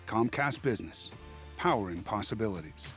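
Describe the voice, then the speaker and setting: A man's voice: on the low side, animated, moderate pace, fairly bright tone, soft background music. A man reading a scripted commercial in an upbeat, punchy way.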